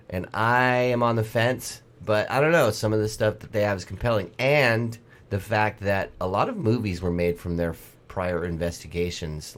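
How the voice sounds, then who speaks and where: A middle-aged man hosting a podcast in casual, jokey banter. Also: low-pitched. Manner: jokey, puts on spooky voices. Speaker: podcast host.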